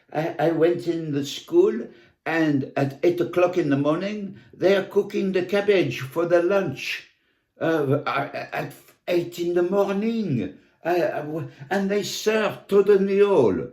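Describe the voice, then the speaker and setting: Man playing an exasperated French mum, fake French accent, slow and put-upon, roomy sound. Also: fairly high pitch, darkish tone, voice pushed up. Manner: exasperated, incredulous complaining. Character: indignant middle-aged French mother, baffled by English ways. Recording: echoey room.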